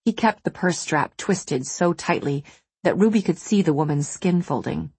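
A woman reading a novel aloud in measured, steady scripted narration. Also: low-pitched, husky, dry recording. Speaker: audiobook narrator.

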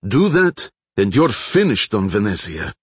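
A man's voice: deep voice, very animated, takes it slowly, slightly rough, dry recording, heavily acted. A man voicing a volatile, threatening crime boss in an audiobook, with a blustering, swaggering delivery. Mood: shouting.

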